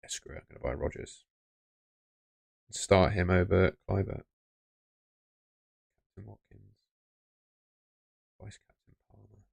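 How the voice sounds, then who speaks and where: Low gravelly man chatting. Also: unhurried, long pauses, darkish tone, no room sound. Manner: chatty, muttering to himself while tapping through his phone. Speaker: livestream host. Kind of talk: casual live-stream chat.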